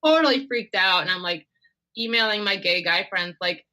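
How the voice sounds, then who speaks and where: A woman author chatting as an interview guest, often laughing and poking fun at herself in quick asides. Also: mid-range voice, pushed and bright, rough recording. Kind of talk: casual interview chat.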